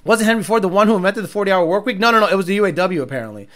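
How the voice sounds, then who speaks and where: A man's voice: high-pitched, animated, rapid-fire, fairly bright tone. Blunt, profane man ranting on a livestream. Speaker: livestream host reading chat. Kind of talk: casual livestream rant.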